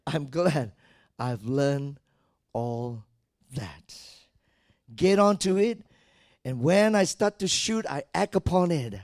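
A male pastor preaching a sermon, telling personal stories and building from quiet talk to loud, repeated exhortations. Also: a little high, animated, takes it slowly, long pauses, no echo, studio quality. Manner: tells personal stories and addresses the congregation directly.

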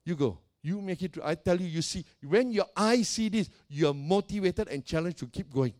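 A man's voice: sits high, lively intonation, normal speed, darkish tone. A male pastor preaching a sermon, emphatic and repetitive, putting direct questions to his congregation.

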